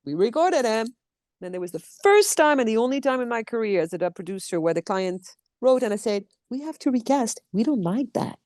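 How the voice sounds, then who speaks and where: Woman, expressive storyteller, conversational interview, dry sound. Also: on the high side, a little fast, no room sound. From France. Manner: animated storyteller acting out quotes, restarts often. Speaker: actor and dub producer. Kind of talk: casual interview chat.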